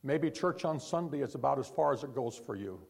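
A man preaching a sermon to a congregation, pleading and emphatic, pushing hard before dropping low. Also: expressive, a little fast, vocal fry, breathy edge.

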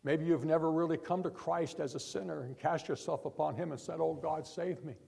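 A man preaching a sermon to a congregation, pleading and emphatic, pushing hard before dropping low. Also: steady tone, a little fast, creaky, mellow, breathy edge.

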